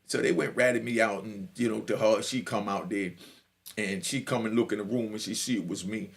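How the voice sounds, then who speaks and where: A middle-aged New Yorker with a lowish, fairly quick voice and some vocal fry tells a prison story. He's animated and swaggering, laughing often and filling gaps with "you know what I mean" as he casually spins his tale.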